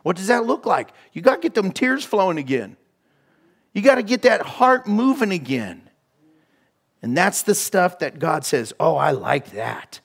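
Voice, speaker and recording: High-voiced guy preaching in church, storytelling, goes quiet and whispery sometimes. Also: normal speed. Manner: animated storytelling, drops to soft whispers for emphasis. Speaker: pastor. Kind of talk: sermon. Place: church hall.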